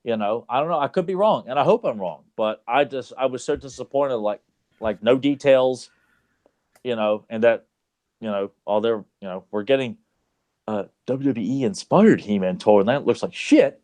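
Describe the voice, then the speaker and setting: Sarcastic grumbling podcast co-host. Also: male voice, mid-range voice, animated, normal speed, a little mellow. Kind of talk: casual podcast chat.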